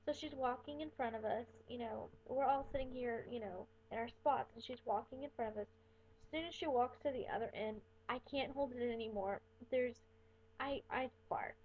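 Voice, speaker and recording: A young woman rambles through a personal story with a fairly high voice and plenty of fillers. The sound is thin and tinny, as if heard over a phone line. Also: moderate pace, a little hiss or hum. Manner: rambling, chatty, many fillers. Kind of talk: casual storytelling vlog. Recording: tinny phone-like webcam audio.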